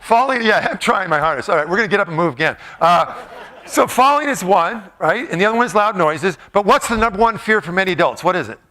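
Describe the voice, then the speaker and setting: Middle-aged male motivational speaker, high bright voice, playful and joking with a live crowd. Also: lively intonation, quick pace. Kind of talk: live talk to an audience.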